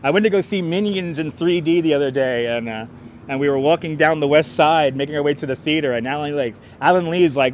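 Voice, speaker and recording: Walking an elevated city park walkway, a man livestreams a casual tour, bantering with viewers and laughing often. He speaks quickly in a slightly high voice, and his wireless clip-on mic carries slight background noise.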